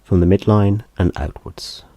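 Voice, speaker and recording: A man teaching a gentle hand massage, speaking in a soft, unhurried, calm instructional way. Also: lowish voice, dry recording.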